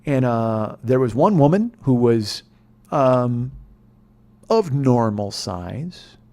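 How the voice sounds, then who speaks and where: A man hosting a podcast, telling a profane, ranting comedic story that swings between muttering and loud exasperation. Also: mid-range voice, big pitch swings, takes it slowly. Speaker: podcast host. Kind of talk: rambling comedic monologue.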